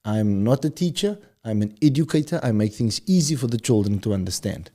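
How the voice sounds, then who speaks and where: A man with a Cape Town South African accent hosts his podcast in a loose, upbeat way, turning often to talk straight to his listeners. His voice is mellow and warm at a middle pitch. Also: expressive, fairly quick. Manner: rambling, upbeat, addresses the audience directly. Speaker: podcast host. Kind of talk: casual chat.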